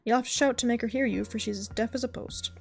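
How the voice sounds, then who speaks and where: A woman's voice: fairly high pitch, steady tone, quick pace, creaky. Woman doing a sly, chatty storybook peasant. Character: sly cheerful poor peasant man. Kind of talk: bedtime story reading.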